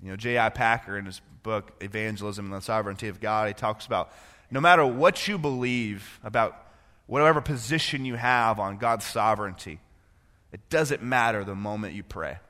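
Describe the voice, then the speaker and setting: Male preacher, bright and slightly high, shifts from hushed story to fervent sermon, long hall echo. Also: moderate pace. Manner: builds from quiet storytelling to impassioned preaching. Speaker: pastor.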